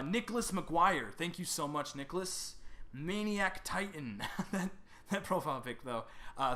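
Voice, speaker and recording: A young man thanking subscribers one by one in casual chat, reading names haltingly and stumbling over pronunciations. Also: fairly high pitch, bright, forceful tone.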